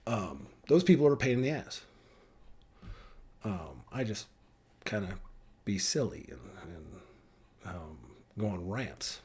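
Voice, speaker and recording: Husky dad rambling into the camera. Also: male voice, lowish voice, sing-song, unhurried, long pauses, darkish tone. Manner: rambling, many fillers and restarts. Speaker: vlogger speaking to his daughters. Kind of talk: casual rambling rant to camera.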